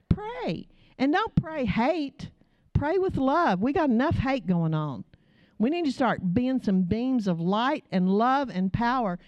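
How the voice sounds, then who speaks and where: A woman's voice: fairly high pitch, a little mellow, dry recording, dull audio. A middle-aged woman, a pastor's wife preaching a sermon through emotional storytelling and pleading.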